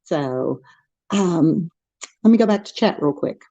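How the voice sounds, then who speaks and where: A woman's voice: lowish voice, expressive, measured pace, dark tone, dry recording, highs cut off. A middle-aged woman with a Texan accent, hosting a casual craft livestream, chatting and reading the chat aloud with frequent laughs. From Texas. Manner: chatty, laughs often, rambling restarts.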